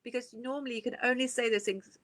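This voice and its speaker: A woman's voice: fairly high pitch, steady tone, fast talker, a bit bright, no room sound. A woman hosting a casual live chat, talking in a chatty way with many asides.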